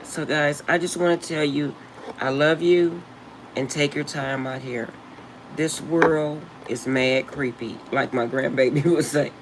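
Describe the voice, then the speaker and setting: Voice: mid-range voice, steady tone, a little slow, noisy background. An older channel host giving casual spiritual advice to viewers in an emphatic, slangy, blunt way, laughing often.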